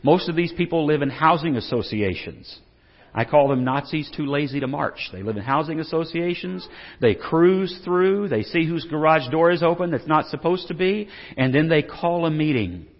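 Telling jokes and stories, a middle-aged pastor gives a humorous sermon in a church sanctuary and restarts often. His voice is on the high side and expressive, at a normal speed. Long hall reverb fills the dull, lo-fi recording.

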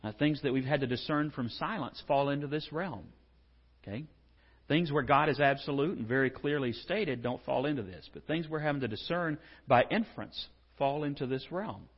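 Husky man preaching in a hall. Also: mid-range voice, normal speed, dull audio. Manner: conversational, rising to animated emphasis with rhetorical questions. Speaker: pastor. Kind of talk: sermon.

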